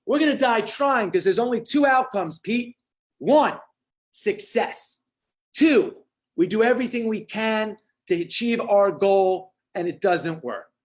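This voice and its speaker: High-energy man telling a story. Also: measured pace. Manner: energetic, punchy storytelling with acted-out quotes. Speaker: motivational speaker. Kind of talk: storytelling talk on a video call.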